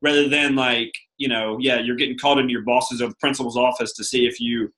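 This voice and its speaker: A man chatting casually next to his wife, with a bright voice at an everyday pitch. He rambles and leans on fillers as he works through his points. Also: fairly even intonation, fast, low-quality recording. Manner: rambling, many fillers like "you know" and "like". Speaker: co-host, husband. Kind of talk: casual conversational advice.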